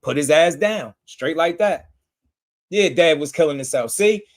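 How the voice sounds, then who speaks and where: A man hosting a live boxing stream in loose, slangy casual chat, giving shout-outs to viewers. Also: a little high, lively intonation, unhurried. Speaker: livestream host.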